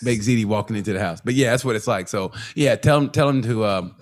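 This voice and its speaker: A man's voice: on the low side, quick pace. A man co-hosting a comedy podcast, joking loosely and often laughing while acting out scenes. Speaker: podcast co-host. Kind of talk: casual comedic banter.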